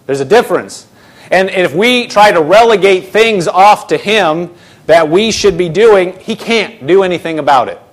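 High-voiced man preaching a sermon. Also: expressive, normal speed. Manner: emphatic preaching, varied pace, repeats phrases. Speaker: pastor.

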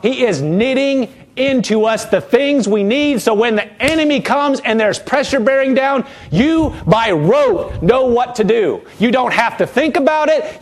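High-voiced man preaching a sermon. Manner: animated preaching, acting out quotes in character voices. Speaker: pastor.

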